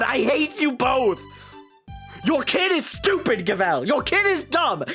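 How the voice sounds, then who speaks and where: Young woman streamer, high, lively, loud and profane exasperated commentary. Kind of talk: live game stream commentary.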